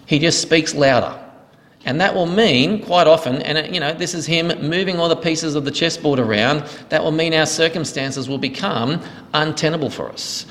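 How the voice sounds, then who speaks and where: Still fielding questions in the echoing hall, the pastor gives earnest explanations and thanks everyone who asks. Here he speaks at a moderate pace, his voice on the high side and a bit bright.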